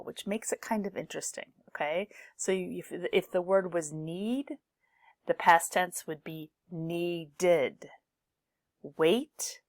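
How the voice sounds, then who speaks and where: A woman teaching a pronunciation lesson, speaking slowly and deliberately and saying each example word twice so learners can copy it. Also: on the low side, no echo, clean studio sound. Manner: slow, deliberate, repeats each word twice to model sounds. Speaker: English teacher.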